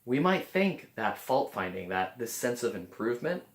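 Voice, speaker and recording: A man's voice: mid-range voice, very animated, normal speed. A man talks casually to the camera, earnest and a little rambling, restarting his phrases as he goes. His voice sits in a middle register. The sound is roomy, with a noticeable echo off the walls. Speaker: vlogger.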